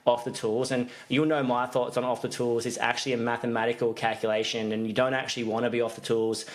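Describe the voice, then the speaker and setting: A man's voice: medium pitch, level tone, quick pace. A man co-hosting a business podcast in casual chat, rambling with restarts and fillers. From Australia. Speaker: podcast co-host, business coach.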